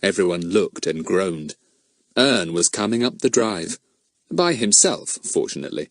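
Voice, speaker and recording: A man narrating a children's storybook with lively storytelling. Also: low voice, moderate pace, no echo, studio quality. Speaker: audiobook narrator.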